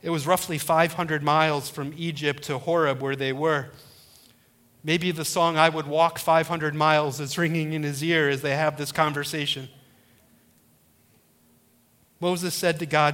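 A man's voice: a little high, level tone, moderate pace, a bit bright. A middle-aged male pastor preaching a sermon, retelling a story and acting out the quoted voices.

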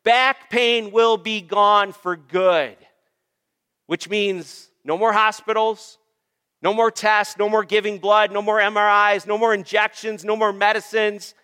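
A man's voice: sits high, pushed and bright, clear, resonant tone, big-room sound. A man preaching a sermon as pastor, emphatic and repetitive, calling on the congregation for amens. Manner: emphatic, repeats phrases, calls for amens.

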